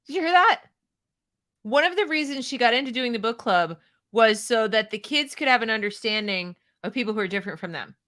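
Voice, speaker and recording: A woman's voice: a little high, lively intonation, brisk, fairly bright tone. An American woman giving opinionated commentary, sarcastic and mocking the clips she reacts to. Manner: sarcastic, mocks quoted clips.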